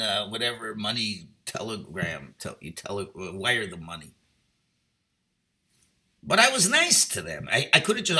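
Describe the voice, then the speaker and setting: Passionate rabbi with a bright voice. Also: male voice, medium pitch, sing-song, normal speed. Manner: passionate, swings from loud exhortation to quiet storytelling; uses Yiddish and Hebrew words. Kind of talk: Torah talk.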